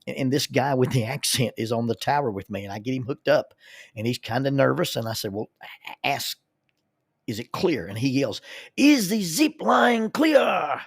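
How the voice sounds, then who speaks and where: Folksy guy telling a story, mid pitch, stumbles on first words, dry studio sound. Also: fairly quick, slightly rough, no room sound. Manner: folksy, repeats words when starting a thought. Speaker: counselor and minister telling stories. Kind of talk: storytelling monologue.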